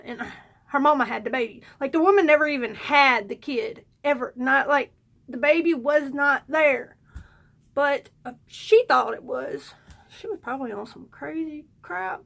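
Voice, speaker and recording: A woman's voice: high voice, creaky, sharp tone. A woman telling a rambling story to her vlog audience, with frequent fillers and laughs. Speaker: vlogger. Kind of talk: casual storytelling.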